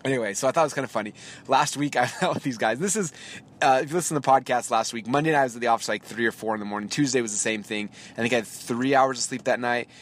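A man in his thirties, a podcast host, telling a story in a chatty, lively way with quick asides and small laughs, recorded in a car while driving. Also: mid-range voice. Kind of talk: casual storytelling monologue. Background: faint vehicle noise.

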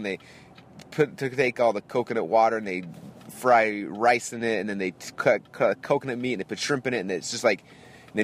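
Fast-talking animated male podcast host. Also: lowish voice, slight background noise. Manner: animated, acts out voices in anecdotes. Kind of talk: casual storytelling monologue.

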